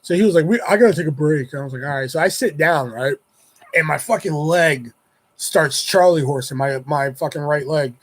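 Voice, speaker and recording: Brisk and a little high-voiced, this Houston-area vlogger works through a long, meandering story, dropping curses constantly and mimicking his buddies' voices along the way. It's casual storytelling.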